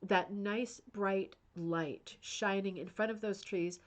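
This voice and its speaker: A woman's voice: medium pitch, fairly even intonation, slow. A woman with a mid-range voice hosts a live craft stream. She talks in an eager, chatty way, reacting to viewer comments as she goes. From United States. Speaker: host of a rug hooking club channel. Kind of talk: live-streamed book review chat.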